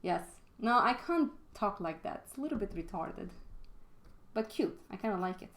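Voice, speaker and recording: A woman's voice: mid-range voice, expressive, normal speed. Chatty woman teaching drawing on stream. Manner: chatty and frank, swears casually. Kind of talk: casual live-stream drawing lesson. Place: home studio, live stream.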